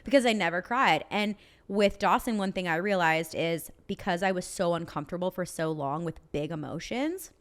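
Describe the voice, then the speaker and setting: A young woman talks through a casual podcast conversation in a slightly low voice. She is open and emotional, and her sentences are full of "like" fillers. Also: normal speed. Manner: chatty, frequent "like" fillers, emotional. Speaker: podcast co-host. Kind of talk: casual chat.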